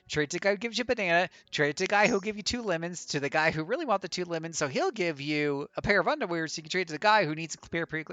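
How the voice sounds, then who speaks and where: A man's voice: fairly high pitch, a bit bright, no echo. Rambling man commenting on a game. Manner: rambling, joking, many restarts. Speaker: streamer. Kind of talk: live gameplay commentary.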